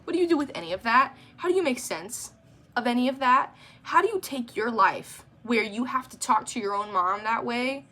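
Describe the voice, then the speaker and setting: A young adult woman giving an exasperated, animated rant in a casual vlog. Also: fairly high pitch, moderate pace. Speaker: vlogger. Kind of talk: ranting vlog monologue.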